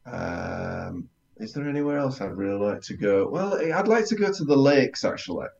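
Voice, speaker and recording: A man's voice: on the low side, sing-song, moderate pace, gravelly, a little mellow. A man from England learning Italian, asking curious, tentative questions in a conversational lesson. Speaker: learner and co-host. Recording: dull lo-fi sound.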